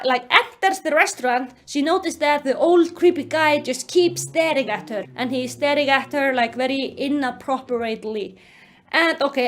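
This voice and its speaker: A young woman recapping a book in casual commentary, animated and exasperated, with lots of fillers. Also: high voice. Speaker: YouTube commentator.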